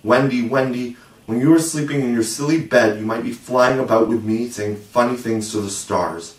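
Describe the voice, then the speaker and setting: A man's voice: mid-range voice, normal speed, natural voice. A man voicing a carefree, cocky boy who talks in a coaxing, matter-of-fact way, recorded from a distance in a roomy space.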